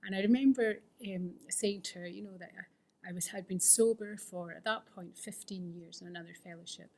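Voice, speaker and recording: Talking a little fast in a lowish, darkish voice, a middle-aged woman offers her personal testimony of recovery at a fellowship meeting. She's candid and self-mocking, and her voice often sinks into a whisper.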